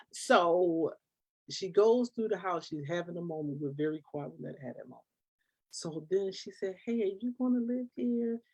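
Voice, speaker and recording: A woman, a nonprofit founder, telling a personal story in an interview, animated and emotional, acting out what people said. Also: fairly low pitch, moderate pace, poor audio.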